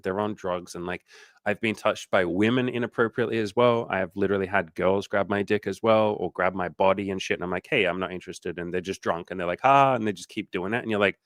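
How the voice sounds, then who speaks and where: A man's voice: low voice, a bit bright, no echo. A man talking as a dating coach in a casual livestream chat. He swears freely, speaks candidly, and acts out the people he quotes in exaggerated voices.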